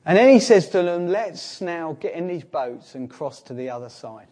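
A man preaching a sermon with a fairly high voice. He tells the story in an animated way, pushing some lines loud and dropping others to a near hush. His pitch rises and falls widely as he acts out each scene. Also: moderate pace.

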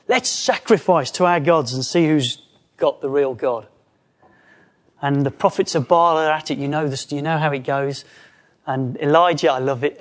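A man preaching a conversational sermon, lively, acting out quoted voices as he goes. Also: on the high side.

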